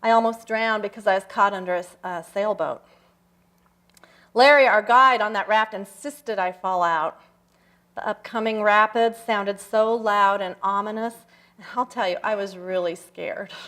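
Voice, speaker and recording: An older woman giving a personal talk at a church service, telling stories reflectively with slow, emphatic pauses. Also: mid-range voice, fairly bright tone. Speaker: guest speaker. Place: church sanctuary.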